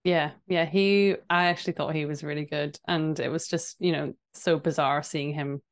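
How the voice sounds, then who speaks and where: A woman's voice: sits low, steady tone, moderate pace. A young woman co-hosting a casual movie podcast, easygoing and often laughing. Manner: easygoing, laughs often, short agreeing replies. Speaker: podcast co-host.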